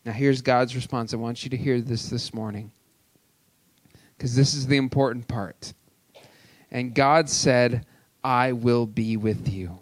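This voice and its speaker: A man's voice: medium pitch, steady tone, unhurried, pauses often, no room sound. A man preaching a sermon as pastor, reading scripture and adding casual, joking asides. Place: church sanctuary.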